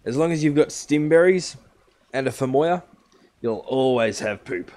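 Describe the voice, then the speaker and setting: A man's voice: medium pitch, lively intonation, moderate pace, darkish tone. A man streaming a survival game live, casually explaining each step to his viewers. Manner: chatty, explains steps to viewers.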